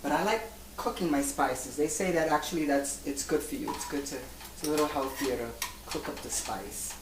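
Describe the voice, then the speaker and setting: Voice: medium pitch, brisk. Flamboyant campy cooking show host. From Puerto Rico. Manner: flamboyant and campy, calls viewers darling and honey. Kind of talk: casual cooking demonstration. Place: home kitchen. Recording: echoey room from far off with faint noise.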